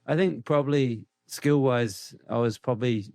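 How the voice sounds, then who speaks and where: A middle-aged man with a New Zealand accent, a cricket coach answering interview questions in a relaxed, reflective and candid way. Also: medium pitch, moderate pace, no echo.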